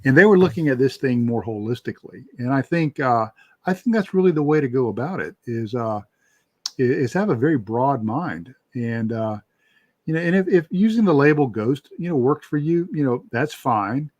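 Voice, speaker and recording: A man's voice: medium pitch, moderate pace, no room sound, dull audio. Rambling man telling paranormal stories. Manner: relaxed, rambling, many fillers. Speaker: paranormal researcher guest. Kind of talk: casual interview talk.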